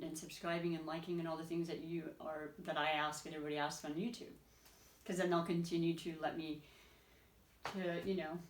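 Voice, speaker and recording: A woman's voice: sits low, echoey room, a little hiss or hum. A woman doing a casual, effusive tarot reading, rambling and restarting as she reads the cards aloud. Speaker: tarot reader.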